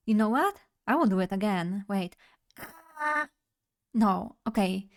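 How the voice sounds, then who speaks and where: A woman's voice: medium pitch, lively intonation, takes it slowly, pauses often. A young woman streamer in casual live chat, playful and chatty as she talks to her viewers.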